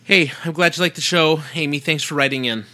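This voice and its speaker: A man's voice: on the high side, fairly quick. A man co-hosting a podcast with his wife, reading listener questions in a playful, teasing way. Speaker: podcast co-host. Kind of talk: casual chat.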